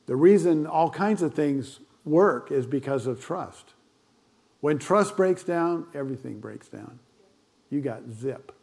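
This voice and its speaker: A man's voice: fairly high pitch, lively intonation, slow, vocal fry, a little mellow. An older man with grandchildren, a pastor giving a conversational sermon full of fillers and asides.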